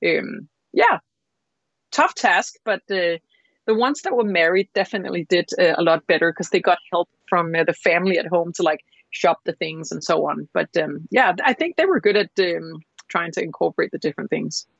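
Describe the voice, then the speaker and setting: A woman chef, a guest on an interview show, telling stories in a lively, rambling way with lots of fillers. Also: on the low side, normal speed, gravelly, husky, no room sound. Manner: animated, rambling storyteller with many fillers. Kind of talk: casual interview storytelling. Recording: slightly dull lo-fi sound.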